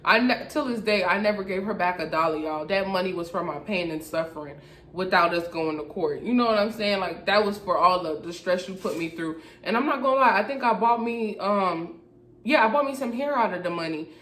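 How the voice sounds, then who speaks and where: A young woman telling a storytime vlog in a casual, slangy, animated way, acting out the people she quotes. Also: mid-range voice, brisk. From Florida, USA. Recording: echoey room.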